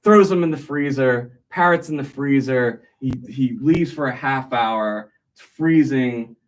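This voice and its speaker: A man's voice: mid-range voice, a little slow, poor audio. A tired man hosting a livestream, rambling through jokes with many restarts. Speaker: livestream host. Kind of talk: casual joke telling.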